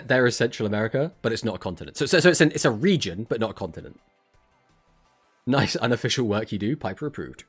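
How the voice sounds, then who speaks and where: An English man casts a card tournament on a live stream and talks with his viewers. He jokes around and answers their messages, and his voice swoops up and down in pitch. Faint music plays underneath him as he speaks into a desk mic. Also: lively intonation, fast talker, slightly rough. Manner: chatty and joking, reads chat messages aloud and answers them. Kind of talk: casual live-stream chat.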